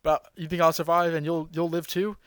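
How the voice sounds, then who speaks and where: A man's voice: a little high, flat delivery, fairly quick, clean tone, natural voice. A man voicing an arrogant, cruel alien tyrant from a cartoon, mocking and gloating.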